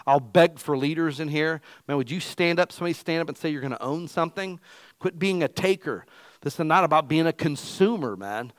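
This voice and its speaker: A man's voice: a little high, fairly quick, no echo. A male pastor giving an emphatic, conversational sermon to his church.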